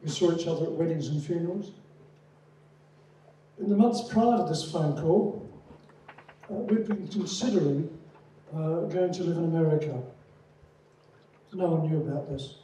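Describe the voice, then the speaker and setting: A middle-aged man with an Australian accent, a theology lecturer giving an earnest, measured talk to prospective students. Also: on the high side, mellow. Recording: echoey hall, distant mic, faint noise.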